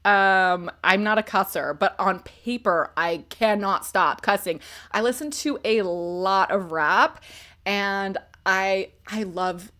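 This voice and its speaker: A woman's voice: mid-range voice, slow pace, a bit bright. Chatty woman streamer, rambling and laughing. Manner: chatty, tangent-prone, laughs often. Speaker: livestream book reviewer. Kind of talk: casual rambling livestream chat. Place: home computer setup.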